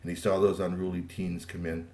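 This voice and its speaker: A man improvising a bedtime story for his child, animated and meandering, in an echoey room. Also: low-pitched, fairly quick. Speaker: parent telling a bedtime story.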